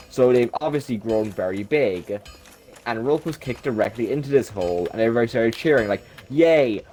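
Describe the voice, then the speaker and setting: A man's voice: medium pitch, a little mellow, a little hiss or hum, low-quality recording. A man retelling game lore casually, with an irreverent, jokey manner and frequent swearing. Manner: irreverent, jokey, swears often, many fillers. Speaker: lore video narrator. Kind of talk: casual storytelling.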